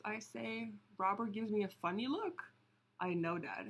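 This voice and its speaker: A woman reading a picture book aloud, slow and deliberate, stopping to point out the pictures. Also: mid-range voice, fairly bright tone. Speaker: storybook reader.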